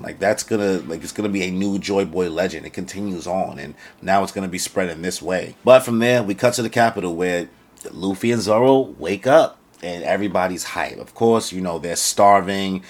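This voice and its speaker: A young man with a very low voice rambles through a casual chapter review, full of slang and quick quoted voices. Faint music plays softly under his talk. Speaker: anime reviewer.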